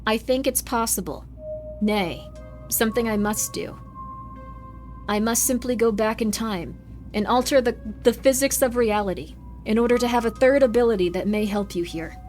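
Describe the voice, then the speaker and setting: A woman's voice: on the high side, moderate pace, darkish tone, faint music behind. A woman streaming a horror game, chatting in a goofy, rambling way with jokey asides. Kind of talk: casual game-stream commentary.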